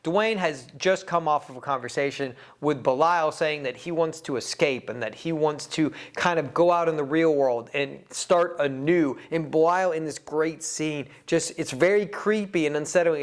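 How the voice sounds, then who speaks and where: A man's voice: on the high side, moderate pace, hardly any pauses. A man giving a casual, enthusiastic film review, rambling a little and laughing often. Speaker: movie reviewer.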